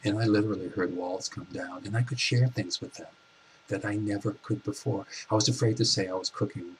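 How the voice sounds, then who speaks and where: Soft-spoken man in his forties, deep and flat. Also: slight background noise, low-quality recording. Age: 40s. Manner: soft-spoken, reflective, halting restarts. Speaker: vlogger. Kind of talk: personal storytelling.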